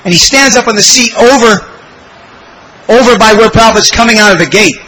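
A man telling a devotional story in a sermon, animated and exclamatory, acting out the people he quotes. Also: high voice, a little fast, low-quality recording. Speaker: devotional speaker.

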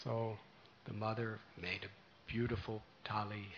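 Gravelly preacher telling a devotional tale. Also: male voice, on the low side, a little slow, dull audio, a little hiss or hum. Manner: gentle, animated storytelling. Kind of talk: devotional storytelling sermon.

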